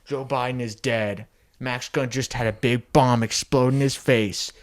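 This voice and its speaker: A man's voice: medium pitch, steady tone, unhurried. A young man improvising a crude comedy story on a podcast, rambling, swearing and laughing as he goes. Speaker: podcast co-host.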